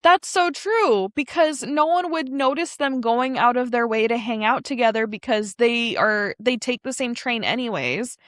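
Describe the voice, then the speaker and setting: Woman podcast host gushing about anime, kinda high voice, super dry close sound. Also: normal speed, few pauses, dry recording. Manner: animated, rambling with many fillers and laughs. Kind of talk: casual anime recap chat.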